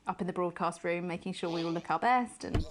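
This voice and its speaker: An actress playing a posh, obsessive news anchor. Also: female voice, on the low side, a little fast, noisy background, natural voice. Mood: smooth. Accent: posh English put on. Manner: breathy confessional, trailing into hushed whispers. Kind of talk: video game acting.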